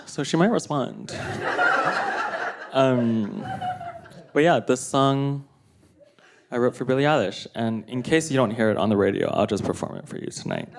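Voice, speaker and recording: A man's voice: mid-range voice, lively intonation, moderate pace, vocal fry, long pauses, very noisy. A male stand-up comedian with an offhand, rambling delivery, talking on stage between songs. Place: comedy stage with live audience. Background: guitar.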